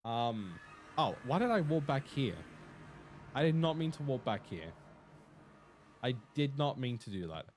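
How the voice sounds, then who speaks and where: A young man with an Australian accent, chatting casually and rambling to his stream viewers, often swearing and talking fast. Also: medium pitch, sing-song, a little mellow, slight background noise. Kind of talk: casual livestream chat to viewers.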